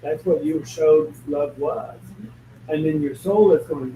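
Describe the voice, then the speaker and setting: A man's voice: a little high, slow pace, warm tone. Emphatic man talking spirituality, echoey and distant. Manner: emphatic, blunt and joking. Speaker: spiritual medium. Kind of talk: casual spiritual talk. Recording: echoey room, distant mic, faint noise.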